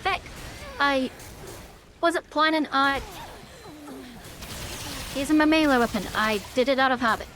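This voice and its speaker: A woman's voice: high voice, unhurried, long pauses, a bit bright, a little hiss or hum. A woman with a Northern Irish accent, chatting and swearing casually while streaming a game live. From Northern Ireland. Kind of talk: live gameplay commentary.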